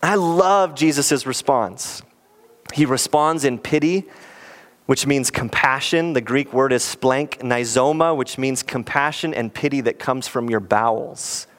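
A man preaching as a pastor in an earnest, animated sermon, often acting out quoted lines. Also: mid-range voice, unhurried.

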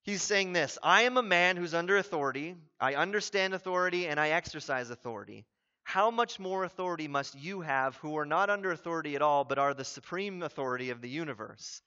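A man preaching a sermon as a pastor, animated and building to emphatic exclamations. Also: fairly high pitch, brisk, lo-fi sound.

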